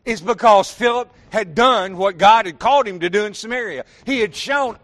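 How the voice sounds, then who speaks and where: Preaching at a moderate pace with hardly any pauses, a middle-aged pastor with a Southern accent speaks in a high, fairly bright voice. He's folksy, putting questions straight to his congregation and calling them "y'all."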